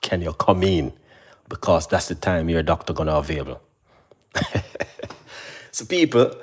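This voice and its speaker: A man speaks casually to his audience. He is earnest and repetitive, circling back with "you know what I mean" as he encourages them. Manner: mimics receptionists in a higher voice. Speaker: channel host. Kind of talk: casual motivational talk to camera.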